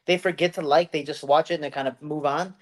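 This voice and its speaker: A man's voice: a little high, fairly even intonation, fast talker. A man hosting a podcast, talking loosely in casual chat with lots of fillers. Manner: loose, filler-heavy talk.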